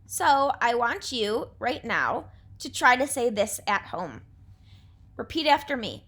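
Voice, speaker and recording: A young adult woman teacher giving a remote class lesson, speaking clearly and patiently with an encouraging delivery. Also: on the high side, very animated, slow, fairly bright tone.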